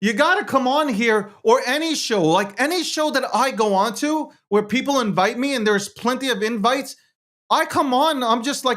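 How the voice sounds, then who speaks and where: A man's voice: very high voice, normal speed, fairly bright tone. A man hosting and producing a live show, talking in a heated, repetitive way with heavy swearing.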